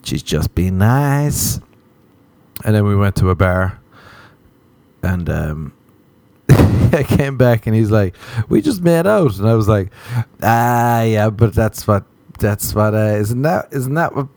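A young Irish man talks through a loose comic podcast monologue, rambling and mocking himself. His pitch swings widely as he jumps into high, silly voices. The sound is dry and close, with no room around it. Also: animated, measured pace, gravelly, pauses often, a little mellow, no room sound. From Ireland. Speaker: podcast host. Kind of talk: casual comedic monologue.

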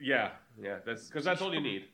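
A man's voice: mid-range voice, very animated, normal speed, crowd noise. A man co-hosting a casual podcast, telling a story with lots of swearing and laughter. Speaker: podcast co-host. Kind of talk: casual chat.

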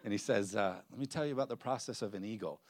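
A man's voice: lowish voice, quick pace, no echo. A man, a pastor, introducing a guest preacher at his church, telling a story with quoted voices and laughs. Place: church sanctuary.

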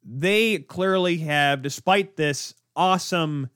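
A man's voice: on the high side, takes it slowly, fairly bright tone, clear, resonant tone, no room sound, studio quality. A young man hosting a solo sports podcast, ranting in exasperation and firing off rhetorical questions. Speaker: podcast host.

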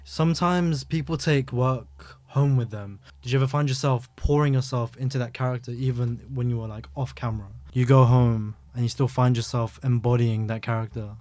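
A man hosting a laid-back podcast interview, asking questions at an average pitch. His guest's answers get a steady stream of murmured agreement. The room sounds dry. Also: moderate pace, hardly any pauses, no room sound. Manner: frequent murmured backchannel agreement. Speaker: podcast host. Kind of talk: casual interview.

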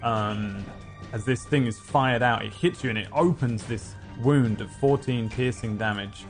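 A man running a tabletop game, talking in a relaxed, halting way, with lots of fillers and goofy sound effects. A faint bed of music plays quietly behind him. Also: mid-range voice. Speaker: game master.

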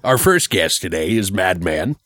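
A man's voice: sits low, big pitch swings, moderate pace, fairly bright tone, no room sound. A man co-hosting a podcast, chatting casually, laughing often and swearing freely. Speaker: podcast co-host. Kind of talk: casual chat.

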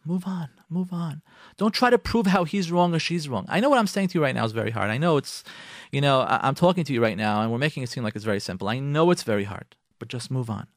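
Emphatic man with a lively voice. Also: medium pitch, quick pace, no echo, clean studio sound. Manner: emphatic and repetitive, animated acted-out quotes. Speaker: radio host giving marriage advice. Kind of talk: advice talk.

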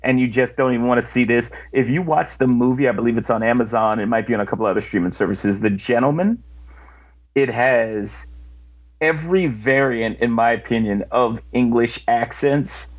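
A man co-hosting a podcast in casual chat, measured and speaking straight to listeners. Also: mid-range voice, dull audio. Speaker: podcast co-host.

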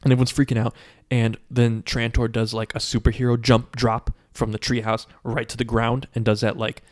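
At a moderate pace and in a mid-range voice, a podcast co-host casually recaps a film. He keeps it animated, saying "like" often among other fillers, and briefly voices characters to act out what they say.

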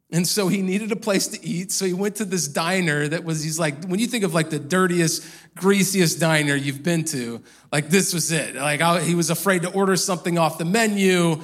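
A man's voice: fairly high pitch, fairly bright tone. A male pastor preaching a sermon in a church, telling a story in a loose, conversational way. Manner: conversational storytelling with casual fillers.

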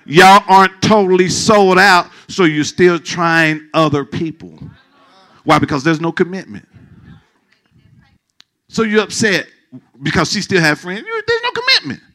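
Male pastor mid-sermon, animated and playful with the flock; a fairly high voice with a forceful edge. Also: unhurried, long pauses. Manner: animated, joking with the congregation. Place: church sanctuary.

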